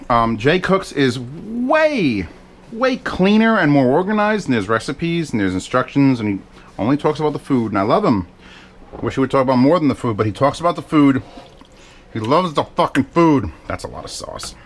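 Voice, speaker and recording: A man talks his way through cooking in his home kitchen, his voice sitting at a middle pitch. He rambles and swears and mocks himself. A faint hiss runs under the recording. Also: very animated, normal speed. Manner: rambling, profane, self-mocking asides. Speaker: cooking vlogger. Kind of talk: casual cooking vlog chat.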